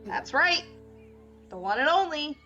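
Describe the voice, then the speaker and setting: A bragging young boy, full of himself, with a raised, bright voice, put on by a woman running the game. The sound is slightly dull and lo-fi. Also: sits high, very animated, unhurried, faint music behind, voice pushed up, heavily acted. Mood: smug. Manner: smug, self-assured. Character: cocky young boy, a famous troublemaker.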